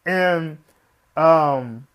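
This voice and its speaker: A man reviewing an anime episode in a casual, excitable, rambling way, often repeating "literally" and swearing now and then. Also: a little high, very slow, highs cut off.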